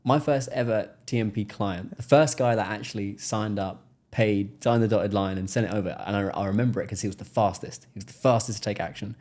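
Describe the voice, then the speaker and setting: An English man, a podcast guest, telling stories in a relaxed interview and acting out the people in them. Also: on the low side, brisk, hardly any pauses. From England. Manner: animated storyteller, acts out quoted voices. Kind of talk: casual interview storytelling.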